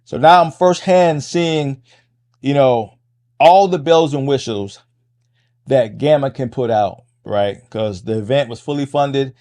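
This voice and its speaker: A middle-aged man hosting a podcast, talking fast in a casual monologue, restarting phrases and tagging lines with "right?". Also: medium pitch, dark tone. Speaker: podcast host and MMA coach.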